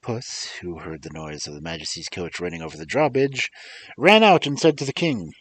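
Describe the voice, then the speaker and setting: A man reading fairy tales aloud as a storyteller, expressive and theatrical, with chatty asides to his listeners, on a desk microphone. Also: sits low, moderate pace, slightly rough, no echo.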